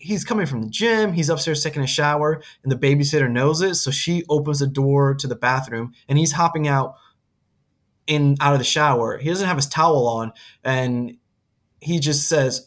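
A man's voice: on the high side, moderate pace. Rambling man in casual movie chat. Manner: rambling, many restarts and acted-out quotes. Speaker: podcast co-host.

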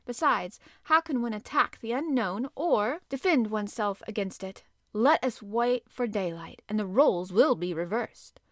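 A woman's voice: fairly high pitch, animated, moderate pace, no room sound, clean studio sound, close to an everyday voice. A woman reading as a cautious, formal ship's commander. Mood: grave. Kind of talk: audiobook character reading.

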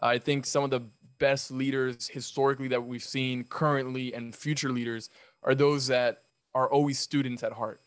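A man's voice: mid-range voice, little pitch movement, normal speed. A man on a podcast, talking earnestly and giving advice. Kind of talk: casual podcast chat.

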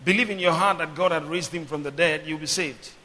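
A pastor preaches briskly in a high, piercing, brilliant voice, swinging from booming declarations to calm explanation and calling for the congregation to respond. The long reverb of a church hall fills the sound.

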